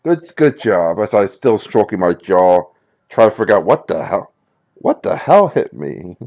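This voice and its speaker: A man's voice: lowish voice, creaky, dry recording. A man playing a ship captain in a tabletop game, talking in character with many restarts. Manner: halting, restarts a lot, swoops up when excited.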